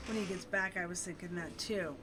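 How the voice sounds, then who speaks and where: A woman streamer casually talking through a game, musing slowly and chatting to the characters. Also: lowish voice, background noise. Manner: slow, musing, talks to the game. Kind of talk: casual gameplay commentary.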